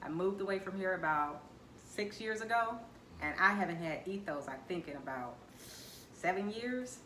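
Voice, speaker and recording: A woman hosts a casual eating vlog and keeps firing playful questions at her guest. Her voice is bright and forward. The room adds a noticeable echo and a faint hum. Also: fairly low pitch, animated, moderate pace. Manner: chatty, teasing questions. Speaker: vlogger host. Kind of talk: casual chat during a mukbang.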